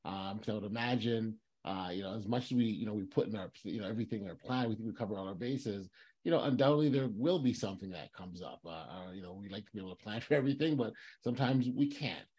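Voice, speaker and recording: A man with a somewhat low voice hosts a podcast interview. He talks in halting phrases full of restarts and filler words, and keeps an encouraging, supportive tone. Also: warm tone, breathy edge. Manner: halting, many restarts and "you know"s, encouraging. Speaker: podcast host. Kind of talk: conversational interview.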